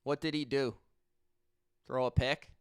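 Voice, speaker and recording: Unhurried and smooth, this man's mid-range voice stays steady in tone even as he hosts a live sports reaction stream. He calls the action, curses, shifts between muttering and yelling, and repeats himself in disbelief.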